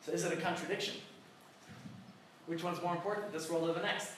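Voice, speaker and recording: A man's voice: fairly high pitch, steady tone, fairly quick, fairly bright tone, a little hiss or hum. A rabbi teaching a conversational Torah class, putting rhetorical questions to his listeners and telling jokes. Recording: very echoey room, mic far off.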